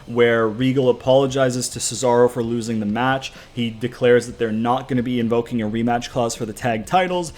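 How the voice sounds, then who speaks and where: A man's voice: mid-range voice, fairly quick, hardly any pauses, darkish tone. A man casually recapping the card of his wrestling game universe, rambling and swearing loosely, with self-mocking asides.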